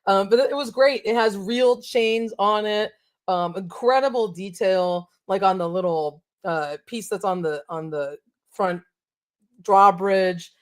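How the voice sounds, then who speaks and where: A woman's voice: medium pitch, unhurried. Chatty enthusiastic woman co-hosting. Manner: enthusiastic, chatty with many fillers. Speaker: co-host of toy show. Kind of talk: casual chat.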